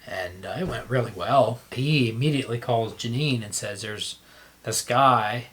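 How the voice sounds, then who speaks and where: A man casually telling how he met his wife, halting and restarting as he talks. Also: medium pitch, fairly bright tone. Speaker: vlogger telling their love story.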